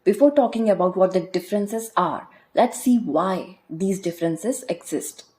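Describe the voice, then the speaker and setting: A woman from India, hosting a scripted educational podcast and explaining words clearly, spelling them out letter by letter. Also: mid-range voice, animated, moderate pace, dark tone. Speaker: podcast host.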